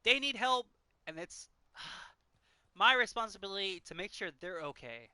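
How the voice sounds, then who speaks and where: A man's voice: high-pitched, expressive, a little slow, sharp tone, no echo. A man in his thirties, a game streamer talking earnestly and emotionally, choked up and sighing often. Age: 30s. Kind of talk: casual chat while gaming.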